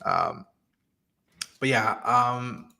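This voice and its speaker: A man hosting a casual live-streamed podcast, retelling scenes quickly and acting out the lines. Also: mid-range voice, vocal fry. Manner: quick, animated retelling of scenes with acted-out quotes. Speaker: podcast host.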